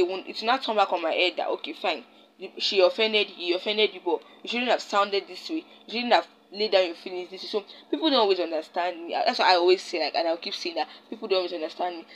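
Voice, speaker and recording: A woman's voice: mid-range voice, poor audio. A young Nigerian woman hosting a casual solo podcast, rambling and often stopping to search for her words. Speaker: podcast host.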